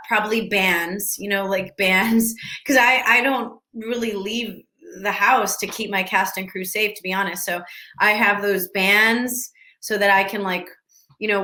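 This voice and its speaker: A woman's voice: mid-range voice, pushed and bright. A woman chatting casually with fans on a video call from home, rambling and often restarting her sentences. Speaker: actress answering fan questions. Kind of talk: casual virtual Q&A. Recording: echoey room.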